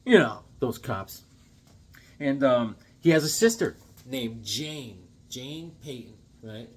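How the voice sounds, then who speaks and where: A man's voice: mid-range voice, expressive, slow. A man casually recapping a comic series, rambling and chatty, often checking in with the listener.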